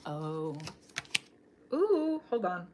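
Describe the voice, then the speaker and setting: A woman's voice: on the low side, drawn-out words, highs cut off, noisy background. Rambling woman giving a live psychic reading. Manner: rambling, animated, addresses viewer directly. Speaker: tarot reader. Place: home room.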